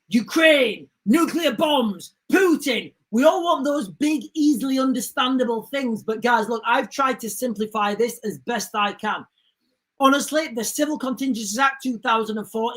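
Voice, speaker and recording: A woman hosting a livestream, speaking urgently and emphatically and constantly calling out to viewers. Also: fairly high pitch. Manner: urgent, emphatic, keeps addressing viewers as guys. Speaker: livestream host. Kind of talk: livestream commentary.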